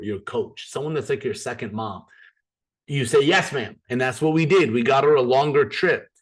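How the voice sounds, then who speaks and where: A man presents an opportunity to a live group in an upbeat, persuasive sales style. His voice sits slightly higher than most men's. He addresses the room directly and keeps the pitch moving.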